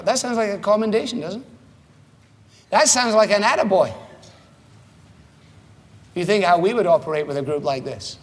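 Man, preacher, animated rhetorical sermon, acts out quoted voices, higher voice, echoing church hall. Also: fairly quick, pauses often.

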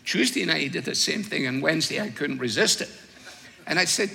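An older man preaching a sermon, telling stories with wry humor and slow, weighed emphasis. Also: fairly high pitch, sing-song, vocal fry, bright, forceful tone, long reverb tail.

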